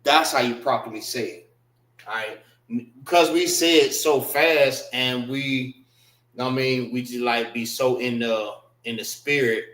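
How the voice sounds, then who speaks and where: A man teaching a classroom language lesson in a casual way, repeating and spelling out words slowly. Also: medium pitch, fairly bright tone, echoey room, rough recording. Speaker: class instructor.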